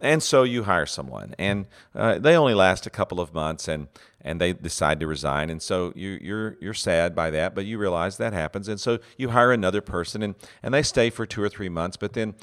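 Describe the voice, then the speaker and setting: A man's voice: low voice, expressive, a little fast, a bit bright. A man giving a teaching talk on leadership, earnest and full of fillers and restarts, acting out example phrases.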